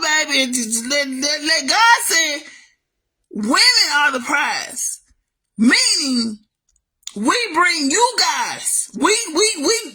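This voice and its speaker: Fired-up woman ranting on camera about family, high bright voice, keeps calling the listener baby. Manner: heated, calls the listener baby, swings loud and high. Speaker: vlogger. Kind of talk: emotional family rant to camera.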